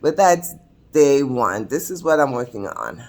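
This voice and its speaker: A woman's voice: very deep voice, big pitch swings, a little slow, darkish tone. A woman in her sixties telling her own story to camera in a chatty, confiding way, often laughing mid-sentence. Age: 60s. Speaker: vlogger. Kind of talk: casual personal storytelling to camera. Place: seated at a table indoors.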